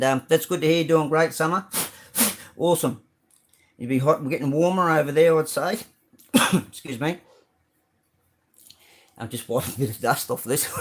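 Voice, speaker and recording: A middle-aged Australian man hosting a casual live stream, rambling through his model car builds with many ums and greeting viewers by name. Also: mid-range voice. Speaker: live stream host showing model cars.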